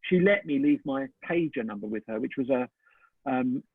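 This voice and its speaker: A middle-aged man, a photographer, telling a story in an animated way and acting out both sides of the conversation. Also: mid-range voice, normal speed, slightly rough, no echo. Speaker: photographer, interview guest. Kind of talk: casual anecdote in an interview. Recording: dry, tinny phone-like call audio.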